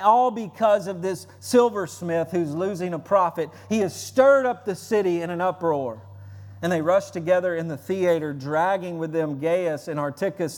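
A man's voice: fairly high pitch, darkish tone, big-room sound. A male pastor preaching a sermon earnestly and energetically, often repeating and restarting phrases.

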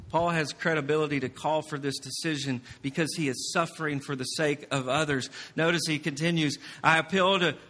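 A male pastor preaches in a high, bright voice that carries through a reverberant church hall. He swings between loud emphasis and quiet, confiding storytelling. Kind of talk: sermon.

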